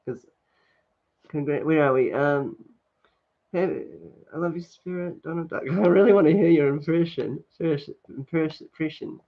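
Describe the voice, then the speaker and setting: A man with a fairly high voice takes his time on a casual livestream, reading comments aloud and chatting with lots of fillers and laughter. He's streaming from home indoors on a sunny day, and the sound is dull lo-fi.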